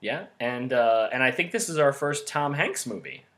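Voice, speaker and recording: A man's voice: medium pitch, lively intonation, normal speed, fairly bright tone. A man co-hosting a casual movie podcast, talking with lots of fillers and frequent laughter. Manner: laughs often, many fillers. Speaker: podcast co-host.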